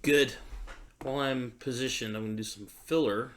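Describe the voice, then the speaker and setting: A man's voice: medium pitch, steady tone, normal speed, over loud music. A man musician thinking aloud in an easygoing, self-doubting way while he records in his home studio. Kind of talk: casual talk while recording.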